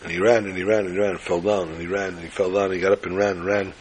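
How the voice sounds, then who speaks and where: A man's voice: sits low, little pitch movement, very fast, a little hiss or hum, low-quality recording. A man dramatically telling a religious story, building it with repetition.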